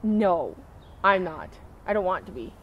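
A woman's voice: fairly low pitch, big pitch swings, unhurried, muffled recording, slight background noise. A woman co-hosting a casual comedy podcast, laughing often and trailing off mid-thought. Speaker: podcast co-host.

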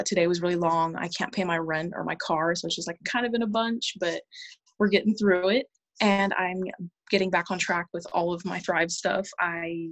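A woman on a video call sharing her personal story, nervous and halting, with frequent laughs and restarts. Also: fairly low pitch, a bit bright.

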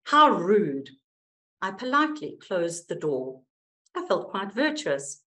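A woman's voice: medium pitch, big pitch swings, takes it slowly, fairly bright tone. A woman voicing a prim, snobbish older village woman who speaks with indignant haughtiness. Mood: smug.

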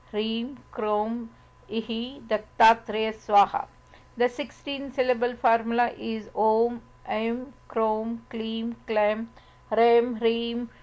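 A woman reading scripture aloud, measured and deliberate, pausing over long lists of sacred syllables. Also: on the high side, rough recording. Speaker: scripture reader. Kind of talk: slow scripted recitation of scripture.

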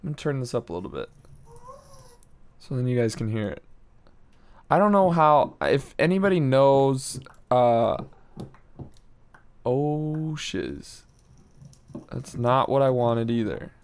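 A man's voice: mid-range voice, sing-song, normal speed, long pauses, clean tone. A man giving casual, slangy game commentary, talking to himself and getting easily frustrated as he plays. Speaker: gameplay commentator.

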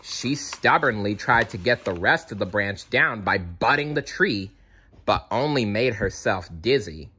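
A man narrating a children's storybook in an expressive, dramatic way. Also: fairly low pitch, a little slow, slight background noise. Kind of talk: storybook read-aloud.

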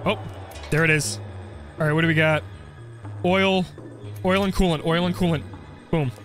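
A young man commenting on his game play, joking and getting excited as he goes. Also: on the high side, moderate pace, soft background music. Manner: jokey, excitable, role-plays as the character. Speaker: gaming video creator.

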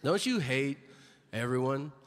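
Animated stand-up comic man on stage. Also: mid-range voice, a little slow, in a large hall, very noisy. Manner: animated storytelling, acts out characters. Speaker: stand-up comedian. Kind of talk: stand-up routine.

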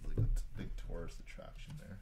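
A man hosting a live card break, calling out pulls and chatting with viewers in a relaxed, rambling way. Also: fast talker, heavy background noise. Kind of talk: casual live-stream chat while opening cards.

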